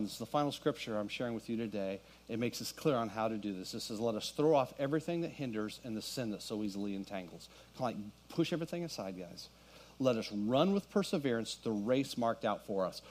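A slightly mellow, mid-range voice comes from a middle-aged male pastor speaking to his congregation in a church sanctuary. He recounts a story, and it climbs into fervent preaching.

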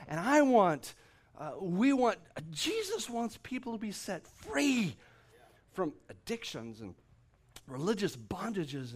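A middle-aged male pastor with a notably high voice delivers a sermon. He talks emphatically, doubling back on phrases and working himself up with excitement.

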